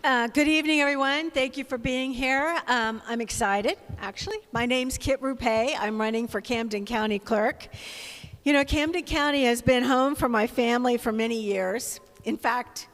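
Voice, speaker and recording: A woman's voice: fairly high pitch, normal speed, a bit bright. A middle-aged woman, a candidate, giving a prepared statement at a live debate in an earnest, slightly emotional way, with some hesitant fillers. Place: winery event space with audience. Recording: long hall reverb on a live event mic.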